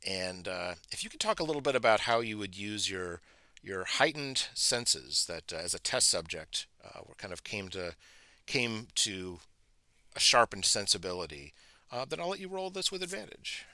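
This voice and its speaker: Male game master, low-pitched, bright and forceful, chatty narration with many restarts. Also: big pitch swings, normal speed, dry recording. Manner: chatty, with frequent restarts and filler.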